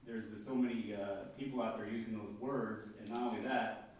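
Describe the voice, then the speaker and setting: A man in a Bible discussion, speaking in a measured way and reading scripture aloud with some hesitation. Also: on the low side, steady tone, darkish tone. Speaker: Bible study participant. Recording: echoey room from far off, noisy.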